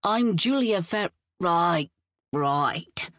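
A woman's voice: fairly low pitch, animated, drawn-out words, fairly bright tone, dry recording, studio quality, full character voice. A woman voicing a resolute young woman who speaks firmly and earnestly.

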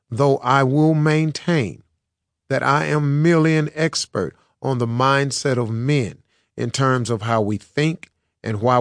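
A man reads his own book aloud, in an earnest and personal storytelling manner. His voice sits at a middle pitch. The sound is close and dry, with no room around it. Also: dry recording. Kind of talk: audiobook narration. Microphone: close studio mic.

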